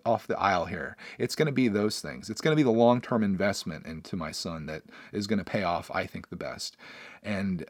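A man's voice: mid-range voice, no room sound, clean studio sound. A man in his thirties hosting a casual solo podcast, talking earnestly and rambling with many restarts. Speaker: podcast host and YouTuber.

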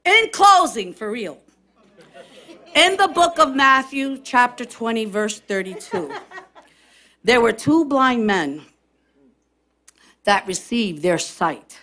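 A woman pastor preaching a sermon to her congregation, impassioned and building to shouted, repeated refrains. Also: a little high, sing-song, slow pace, long pauses. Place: church service with responding congregation.

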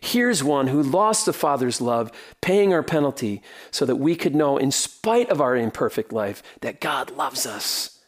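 Earnest male pastor preaching softly. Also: mid-range voice, big pitch swings, normal speed, few pauses. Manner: earnest, rhythmic preaching with soft dropped phrases. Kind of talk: sermon.

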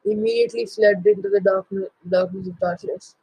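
A man's voice: sits high, wildly swooping pitch, brisk, gravelly, mellow, husky, no room sound, low-quality recording. A teenage boy casually retelling a myth, with jokey asides and self-corrections. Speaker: storyteller.

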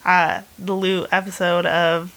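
A woman's voice: lowish voice, level tone, measured pace, vocal fry, fairly bright tone. A woman hosting a casual chat, telling a history story in a rambling, chatty way full of fillers and bursts of humor. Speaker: host.

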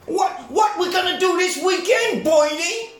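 A man voicing a flirty, nasal New mobster's wife in a high put-on voice. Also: unhurried. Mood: whiny. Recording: roomy echo, faint music.

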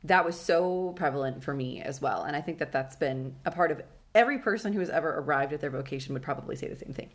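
Young woman cohost, lowish voice, rambly casual faith talk. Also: fast, hardly any pauses. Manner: animated storyteller, acts out her past panic with laughing and shouting. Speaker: podcast co-host.

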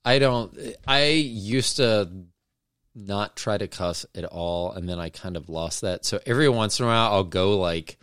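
A man's voice: on the low side, normal speed, a bit bright, smooth, dry recording, clean studio sound. A middle-aged man co-hosting a podcast, chatting casually in a teasing, joking, swearing manner. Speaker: podcast co-host. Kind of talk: casual chat.

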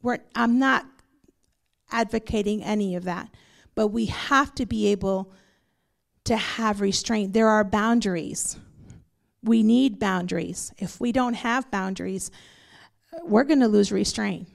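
A woman's voice: mid-range voice, a little slow, creaky, pauses often. A middle-aged woman pastor teaching a Bible study in a conversational, storytelling manner.

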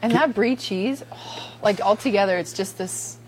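A woman's voice: mid-range voice, normal speed, slight background noise, low-quality recording. A woman guest on a casual interview, talking about her business in a bubbly, talkative way and laughing often.

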